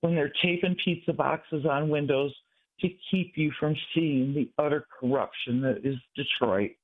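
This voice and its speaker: A man in his sixties from Michigan, calling in to a radio show, talking in an earnest, halting, rambling way. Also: fairly high pitch. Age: 60s. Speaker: caller. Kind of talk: call-in radio talk. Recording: tinny phone line.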